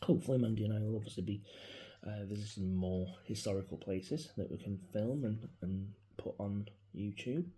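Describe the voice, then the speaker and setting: A man, talking casually and reflectively into his phone in a personal vlog, his voice often dropping to a soft mutter. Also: fairly low pitch, normal speed, slight background noise. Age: 40s. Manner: rambling, reflective, grieving, drops into soft mutters. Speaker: vlogger. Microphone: mobile phone.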